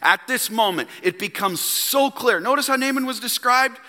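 Bright-voiced preacher in a reverberant church. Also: male voice, extremely high pitch. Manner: emphatic, rhetorical questions, dramatic pauses. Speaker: pastor. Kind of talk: sermon. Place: church sanctuary.

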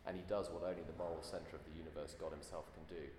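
A man's voice: a bass voice, little pitch movement, fast, a little mellow. A man preaching a sermon in an earnest way, full of rhetorical questions. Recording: echoey hall, faint room noise.

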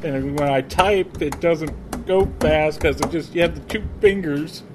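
Guy with a slightly high voice, rambles a lot, says like constantly, hiss in the background. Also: unhurried. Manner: rambling, lots of "like", deadpan. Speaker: podcast co-host. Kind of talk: casual podcast chat. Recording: noisy amateur podcast recording.

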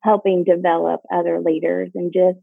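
A woman in her forties with a Kentucky accent talks as an interview guest, friendly and relaxed. Her voice has a gravelly edge. It arrives dry over a narrow, tinny phone line. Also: on the low side, normal speed, no echo. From Kentucky, USA. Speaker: healthcare executive, guest. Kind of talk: interview answers.

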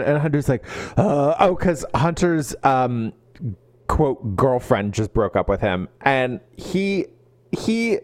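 A man co-hosting a podcast, chatting casually about a book and acting out characters' lines in quick quoted voices. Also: a little high, very animated, a little mellow. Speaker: podcast co-host.

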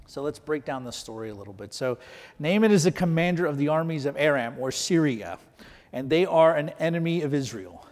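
A man's voice: fairly high pitch, darkish tone, big-room sound. A man preaching a sermon as pastor, talking conversationally and asking rhetorical questions.

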